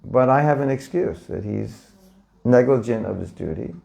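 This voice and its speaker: Teaching a live audience in an informal, conversational lecture, a spiritual teacher keeps asking questions and acting out little scenes. He speaks at medium pitch and a normal speed, animated yet mellow, with some creak.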